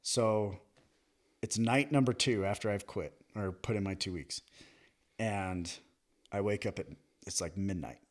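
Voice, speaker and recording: Low-voiced man telling lively stories. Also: measured pace. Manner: animated, acts out quoted dialogue, laughs often. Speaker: podcast guest, military veteran. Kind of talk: casual storytelling chat.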